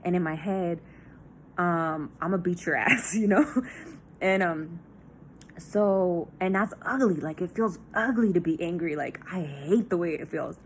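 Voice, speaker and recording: A woman's voice: lowish voice, a little slow, slight background noise. A young woman talking candidly in a personal diary vlog, raw and confessional, swearing often and full of fillers. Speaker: vlogger.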